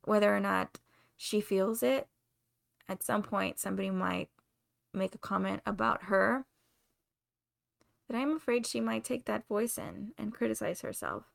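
A young woman with a Spanish accent, talking openly and confessionally as a podcast host, sometimes pausing to find her words. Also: mid-range voice, steady tone, vocal fry. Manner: open, confessional, searching for words. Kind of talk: candid solo podcast monologue.

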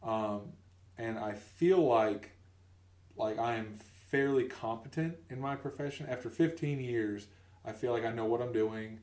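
A man's voice: mid-range voice, a little slow, reverberant, recorded from a distance. A man in his thirties telling a funny story on a podcast, acting out the voices of the people in it. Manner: animated, acts out voices in his stories. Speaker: podcast co-host. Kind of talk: casual comedic storytelling.

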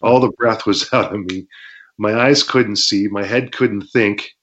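A former pro wrestler telling war stories in an interview, acting out shouts and crowd noises and laughing between lines. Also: male voice, lowish voice, unhurried. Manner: animated storytelling, acts out shouts and crowd noises, laughs often. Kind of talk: storytelling interview. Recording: dull lo-fi sound.

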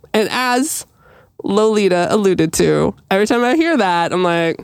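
In a dry recording, a woman speaks with a smooth, medium-pitched voice at a moderate pace. She co-hosts a podcast, telling a story in casual talk and acting out quoted lines with animation.

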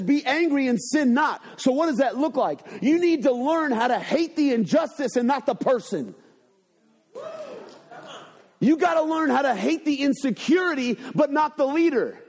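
Husky high-voiced preaching man. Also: expressive, normal speed. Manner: preachy call-and-response, swings between loud and hushed. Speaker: pastor. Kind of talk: sermon. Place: church sanctuary.

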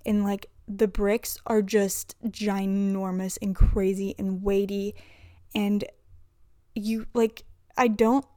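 A woman's voice: mid-range voice, little pitch movement, slow, dark tone, no room sound, clean studio sound. A young adult woman talking through personal struggles in a rambling, confessional way, filling her speech with "like" and restarts. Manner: rambling, filler-heavy with frequent "like". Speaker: vlogger.

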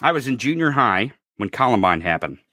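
A man in his thirties from rural America delivering a furious, profane political rant, often shouting. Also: medium pitch, big pitch swings, brisk, no echo, clean studio sound. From rural United States. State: enraged.

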